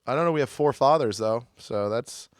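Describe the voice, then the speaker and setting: Young man, podcast co-host, crude jokes, casual chat, mid pitch, dry close sound. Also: moderate pace, no echo. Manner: joking, blunt and crude.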